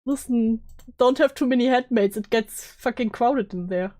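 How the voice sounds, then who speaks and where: A woman's voice: moderate pace, mellow. Giggly, swearing woman streamer. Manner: laughs often, swears, high-pitched giggling. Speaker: streamer reacting to a video. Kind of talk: casual reaction stream chat.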